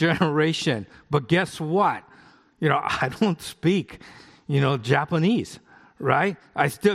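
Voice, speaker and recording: A middle-aged man from the United States preaches to his congregation, talking in a relaxed, conversational way and often asking the listeners questions. His voice sits a little high. A long reverb from a church hall hangs behind him. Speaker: pastor. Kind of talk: sermon with live demonstration.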